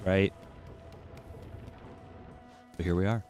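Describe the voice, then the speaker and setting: A man chatting loosely while he streams a game, swearing freely and drifting from one tangent to the next. His voice sits on the low side and he is coming down with a cold. Faint music plays underneath. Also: measured pace. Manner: irreverent, profane, rambling. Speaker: gaming livestreamer. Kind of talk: casual chat while playing.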